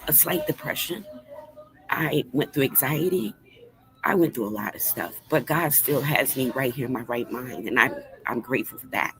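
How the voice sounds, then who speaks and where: Speaking in a low voice on a low-quality recording, a woman in her fifties hosts a casual livestream from a fast-food restaurant. She addresses the chat directly, earnest and emotional, her voice trembling with feeling.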